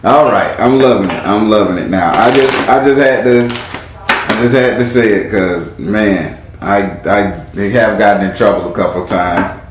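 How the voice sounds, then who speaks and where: A man's voice: lowish voice, normal speed. Chatty male tarot reader in an echoey room. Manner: chatty and informal, calls on spirit. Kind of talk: casual live tarot reading. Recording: very echoey room with faint noise.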